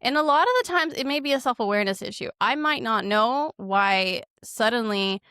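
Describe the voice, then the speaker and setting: An expressive woman therapist talks through relationship advice in a casual podcast chat, voicing little quoted exchanges as she goes. Her voice sits on the higher side. The recording is close and dry, with no room sound. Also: normal speed, smooth, no room sound. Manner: animated, acts out quoted lines. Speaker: marriage and family therapist guest.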